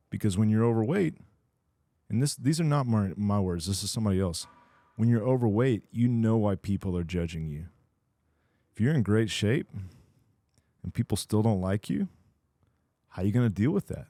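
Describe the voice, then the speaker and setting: Deep, mellow-voiced man musing. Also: animated, normal speed, no room sound. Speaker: podcast co-host, coach. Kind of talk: casual podcast discussion.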